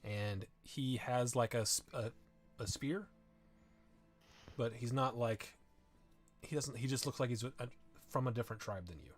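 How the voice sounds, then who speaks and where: A man's voice: medium pitch, faint music behind. A man narrating as game master of a tabletop game, improvising descriptions with frequent restarts and fillers. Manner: improvising, halting with many restarts.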